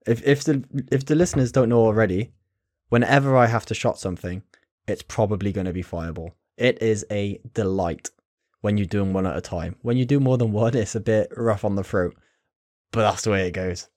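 A man co-hosting a podcast, talking quickly in a jokey, casual way. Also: on the low side, a little mellow, no echo, clean studio sound. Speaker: podcast co-host. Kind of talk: casual chat.

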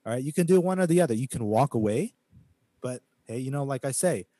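A man from the United States co-hosting a podcast, talking emphatically in a preachy way. His voice is dark and mellow, and the recording is dry and close. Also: mid-range voice, animated, quick pace, dry recording. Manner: emphatic, preachy, quotes scripture, mocks critics in quoted voices. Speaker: podcast co-host. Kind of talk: casual podcast talk, preaching tone.

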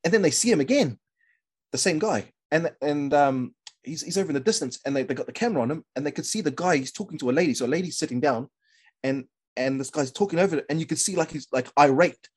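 Husky-voiced New Zealand man telling a story. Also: fairly high pitch, fast talker. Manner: animated storyteller, many fillers and restarts, says bro. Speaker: podcast guest. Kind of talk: casual storytelling chat.

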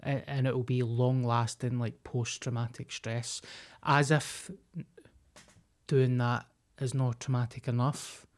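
A man's voice: medium pitch, flat delivery, measured pace. A young Scottish man with a Glaswegian accent, co-hosting a podcast with crude, blunt jokes. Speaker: podcast co-host. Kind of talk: casual chat.

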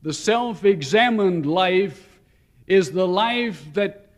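A man with a high voice delivers a sermon in a story-telling way. He lingers slowly on weighty phrases, then hurries through his asides. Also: animated. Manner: story-telling, shifts between slow emphasis and quick asides. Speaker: preacher.

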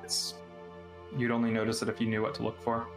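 A man's voice: mid-range voice, completely flat delivery, quick pace, roomy sound, music in the background, low-quality recording. A man narrating a tabletop game as game master, loose and laughing, full of filler words.

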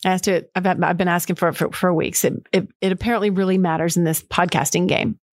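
A woman's voice: fairly low pitch, steady tone, quick pace, dry recording, studio quality. A middle-aged woman hosting a podcast, talking candidly and reflectively on her own, rambling with fillers and quoting herself. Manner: candid, rambling, with frequent fillers and self-quotes. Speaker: podcast host. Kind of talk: reflective solo monologue.

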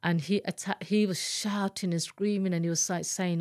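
A woman speaks as an interview guest, recounting her own experience in a candid, earnest way. Her voice sits on the lower side, and she often pauses, restarts and searches for words. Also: fairly even intonation, a little mellow. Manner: candid, earnest, halting retelling. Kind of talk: emotional personal testimony in an interview.

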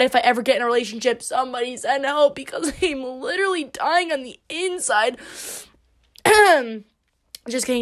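A tipsy young woman hosting a casual solo podcast, playful and self-mocking, swearing often and shifting between loud outbursts and mumbled asides. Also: fairly high pitch. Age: young adult. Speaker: podcast host.

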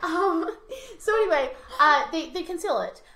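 A woman's voice: extremely high pitch, lively intonation, moderate pace, pushed and bright. A young woman, a teacher, co-hosting a casual podcast and telling stories animatedly, acting out the kids' voices. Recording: roomy echo.

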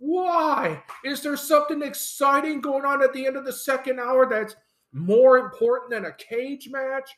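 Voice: high voice, fairly even intonation, normal speed. A podcast host delivering a solo rant, exasperated and sarcastic, who repeats phrases for emphasis. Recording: roomy echo.

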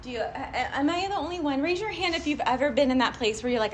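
Woman motivational speaker, higher-pitched, chatty and animated, quick to laugh and to poll the room. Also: slight background noise. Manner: animated and chatty, often breaks into laughter, asks the audience questions. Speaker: motivational speaker addressing a group. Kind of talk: live motivational talk.

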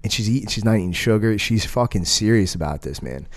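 A man's voice: lowish voice, fast. A man co-hosting a casual podcast, telling rambling stories with plenty of swearing and restarts. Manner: rambling, profane, animated storytelling. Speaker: podcast co-host, jiu-jitsu school owner.

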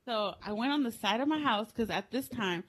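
A young woman in casual podcast chat, her voice bright and forceful and pitched a little high. She tells crude stories with bursts of loud laughter and an animated delivery. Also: fairly quick. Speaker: podcast co-host.

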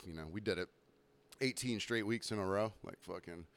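Profane rambling young man, smooth voice. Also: fairly low pitch, moderate pace, a bit bright. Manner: rambling, profane, self-mocking. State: recovering from illness, throat clearing. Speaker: podcast host. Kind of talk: casual storytelling monologue.

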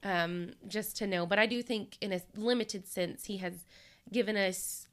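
A woman with a bright, crisp voice shares her thoughts in a casual Bible study. She talks things through thoughtfully and cites scripture. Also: mid-range voice, a little slow.

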